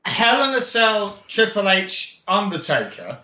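Man, blunt joker, high voice, echoey room. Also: very animated, sharp tone. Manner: joking, blunt, quick asides. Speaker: podcast co-host. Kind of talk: casual chat.

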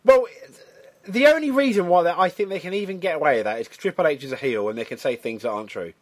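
A man's voice: a little high, animated, quick pace. Hesitant male wrestling podcaster. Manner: hesitant, many fillers and restarts. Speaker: podcast co-host. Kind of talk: casual wrestling chat.

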